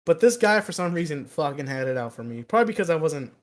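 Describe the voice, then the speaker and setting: A man's voice: a little high, big pitch swings, fast. Profane young man telling a story. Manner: rambling, profane, laughing at own story. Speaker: podcast co-host. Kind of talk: casual storytelling chat.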